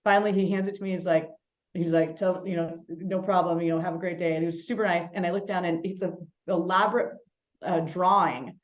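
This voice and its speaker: A woman co-hosting a podcast, an animated storyteller in casual chat. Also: fairly low pitch, highs cut off. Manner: animated storyteller, quick and chatty. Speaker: podcast co-host.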